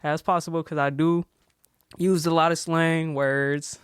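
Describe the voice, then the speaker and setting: A man's voice: fairly high pitch, little pitch movement, measured pace, over a noisy crowd. A young man chatting as a podcast guest, laid-back and slangy, laughing often. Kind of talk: casual chat.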